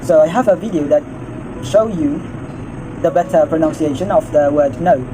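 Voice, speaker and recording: A man student reading a class presentation in a brisk, matter-of-fact way. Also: a little high, background noise.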